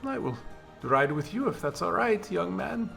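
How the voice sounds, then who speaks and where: A man's voice: sits high, big pitch swings, creaky, soft background music, voice pushed up, heavily acted. A man doing a frail old fortune teller woman. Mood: gentle. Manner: gentle, slow and courteous.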